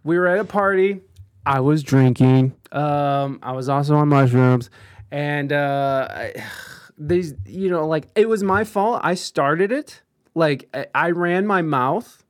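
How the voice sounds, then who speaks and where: A man's voice: on the high side, slow. A young man in casual chat, telling a story with lots of swearing, restarts and self-deprecating humor.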